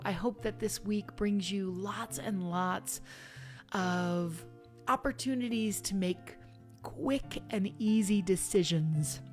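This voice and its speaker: Chatty woman leading a casual online sermon. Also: medium pitch. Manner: warm, chatty, with bursts of fervent exhortation. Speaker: spiritual minister.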